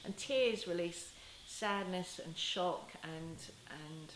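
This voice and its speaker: A woman with a lowish voice explains parenting in a gentle, unhurried way, often breaking off and restarting her sentences. She slips into soft, tender lines as if speaking to a child. The room is echoey, with a faint hiss under her voice. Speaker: parenting educator. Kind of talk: talking-head teaching video.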